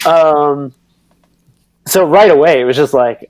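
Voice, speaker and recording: A man in his thirties telling a racing story on a podcast, rambling and animated with lots of fillers and acted-out quotes. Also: mid-range voice, normal speed, no room sound. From United States. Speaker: podcast guest, pro cyclocross racer. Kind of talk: casual storytelling.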